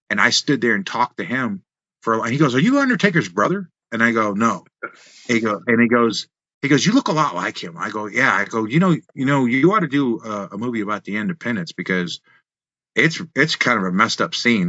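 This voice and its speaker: A man, a former wrestler, telling road stories in an animated way on a podcast, full of restarts and quoted dialogue. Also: mid-range voice, no room sound, dull audio. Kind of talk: casual storytelling in a podcast interview.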